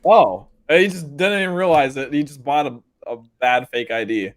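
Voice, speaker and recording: A man's voice: medium pitch, normal speed. A man in his twenties from Texas, co-hosting a casual podcast and telling stories in an easygoing way. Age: 20s. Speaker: podcast co-host. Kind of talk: casual chat.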